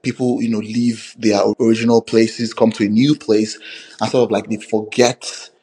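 A man's voice: on the low side, level tone, moderate pace, dark tone, slightly rough, low-quality recording. A man, a filmmaker, giving rambling interview answers full of fillers and restarts. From Nigeria.

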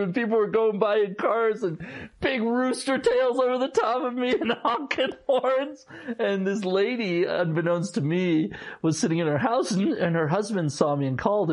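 A guest with a high, husky male voice tells a personal story in a casual conversation. He laughs often and grows animated whenever he quotes other people.

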